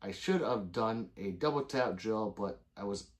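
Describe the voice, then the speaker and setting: A man hosting a casual livestream, reading viewer comments aloud, joking and swearing freely with loud sudden outbursts. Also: fairly low pitch, animated, measured pace. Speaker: gun channel livestream host.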